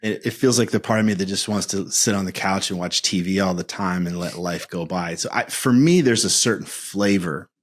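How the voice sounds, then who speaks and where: Man, 50s, low voice; reflective, earnest podcast guest. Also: a little fast, hardly any pauses. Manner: earnest, searching, restarts phrases. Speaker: guest men's coach.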